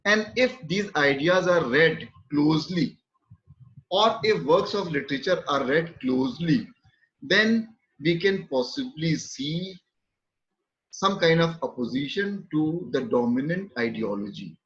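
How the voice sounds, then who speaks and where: Measured male literature lecturer, lo-fi. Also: on the high side, lively intonation, a bit bright. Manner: measured, repeats key terms, many pauses with fillers. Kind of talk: academic lecture.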